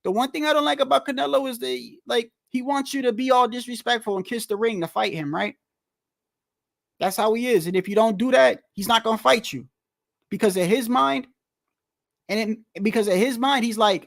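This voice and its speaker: High-voiced man ranting about boxing. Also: normal speed, gravelly. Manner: heated, repetitive, rhetorical questions; profane, slangy. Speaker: boxing commentator. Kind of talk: casual rant to the audience.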